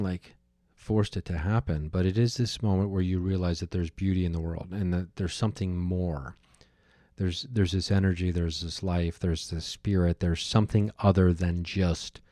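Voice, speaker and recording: A low-voiced man talks through a personal story on his podcast, musing and circling back with fillers and restarts. His tone is mellow and dark. The sound is dry and close, with no room around it. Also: no room sound. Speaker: podcast host. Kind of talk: reflective solo monologue.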